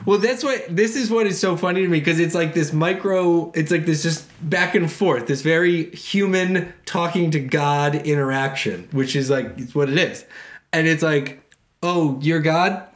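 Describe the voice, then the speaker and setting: A man co-hosting a casual talk show, reading scripture passages aloud and then riffing on them with playful, animated asides. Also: fairly high pitch, moderate pace. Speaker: podcast co-host reading scripture. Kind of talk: casual chat.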